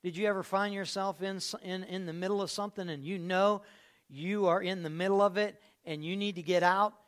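A pastor delivers a sermon in a notably high male voice. He talks straight to his congregation, firing off rhetorical questions. He turns loud and drawn-out on key lines, then drops to a hush. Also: smooth. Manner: animated, swings between loud and hushed.

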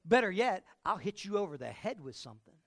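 A man's voice: very high voice, steady tone, a little slow, pushed and bright, pitched above the performer's own voice, heavily acted. A man voicing an indignant wife who scolds her husband with sass. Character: indignant modern wife, sharp-tongued and fiery.

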